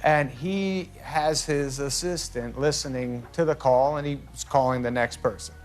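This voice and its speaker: A man, a guest on a talk show, telling comic family stories with lively shouted quotes. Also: measured pace. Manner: animated, jumps into high shouted voices for quotes. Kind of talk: comedic storytelling.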